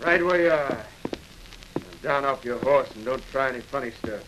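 An actor playing a menacing, sneering outlaw guard in a vintage radio drama. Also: male voice, medium pitch, moderate pace, close to an everyday voice. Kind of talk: 1940s radio acting. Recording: hissy vintage radio recording.

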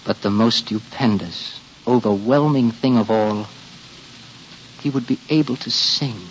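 A man narrating a storybook tale with expressive, swinging delivery. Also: medium pitch, a little slow, dull audio, a little hiss or hum.

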